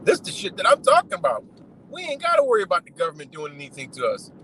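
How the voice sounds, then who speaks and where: A man's voice: a little high, wildly swooping pitch, quick pace, vocal fry, pushed and bright, slight background noise, low-quality recording. A man giving a profane, rambling unscripted monologue, full of "you know" and "man".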